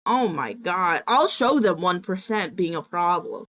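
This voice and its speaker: A young adult woman streams from home, chatting casually on a live stream in a lowish voice at a slightly slow pace. She rants with animated indignation and swears freely.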